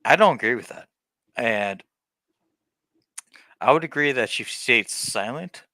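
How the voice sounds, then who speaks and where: A man hosting a livestream, speaking in a halting way and restarting words as he thinks aloud. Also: medium pitch, expressive, pushed and bright, no echo. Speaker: livestream host. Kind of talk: casual live chat.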